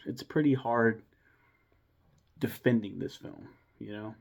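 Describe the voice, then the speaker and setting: A man's voice: fairly low pitch, animated, slow, gravelly, pauses often. A young man giving a casual, rambling film review full of enthusiasm, restarts and mild swearing.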